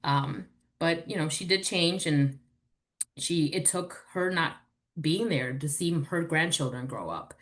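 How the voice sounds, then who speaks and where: A woman's voice: low-pitched, unhurried. A woman in her forties, a podcast guest, candidly and animatedly telling personal stories in casual chat. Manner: candid, animated storytelling with swearing.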